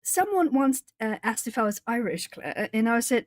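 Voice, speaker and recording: A woman's voice: fairly high pitch, sing-song, moderate pace, dry recording. A woman from Brazil chatting casually on a live art stream, laughing often and answering viewers' comments as she colours. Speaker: artist streamer.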